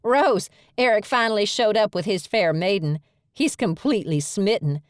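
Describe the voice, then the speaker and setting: A woman's voice: moderate pace, dry recording, clean studio sound, lightly acted. A woman voicing a bubbly, teasing tiny female pixie in an audiobook. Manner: shrill and excitable. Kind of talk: audiobook character voice.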